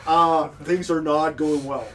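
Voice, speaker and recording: A man's voice: fairly high pitch, fairly even intonation, slow pace, fairly bright tone. A man narrating as game master in a tabletop game, laughing often and loose with fillers. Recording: distant mic, faint noise.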